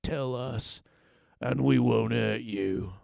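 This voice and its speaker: A man voicing a stocky, threatening street thug in a read-aloud story, gruff and slow. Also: medium pitch, darkish tone, no echo, studio quality. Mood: menacing.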